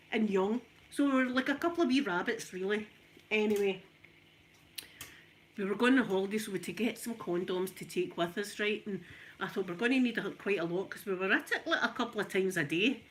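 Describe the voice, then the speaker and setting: A middle-aged Scottish woman chatting and telling a funny story while she irons, animated and laughing often. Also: medium pitch, a little hiss or hum. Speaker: ASMR channel host. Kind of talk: casual storytelling while ironing.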